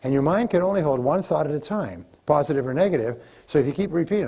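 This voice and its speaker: A man's voice: a little high, lively intonation, very fast, hardly any pauses, warm tone, slightly rough. A man giving a motivational seminar lecture to a live audience, emphatic and repetitive as he coaches them. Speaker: motivational speaker.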